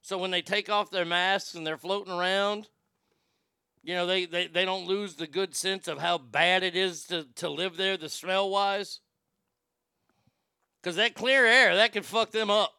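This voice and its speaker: A man's voice: high-pitched, steady tone, a little slow, sharp tone, clear, resonant tone, no echo, studio quality. A man hosting a livestream in casual commentary, rambling with stammered restarts and a mocking tone. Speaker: livestream host.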